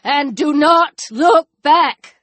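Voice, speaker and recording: A woman voicing a stern armed captor who quotes scripture in a slow, loud, commanding way. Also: sits high, dry recording, pitched above the performer's own voice, exaggerated voice. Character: stern gun-wielding captor quoting scripture.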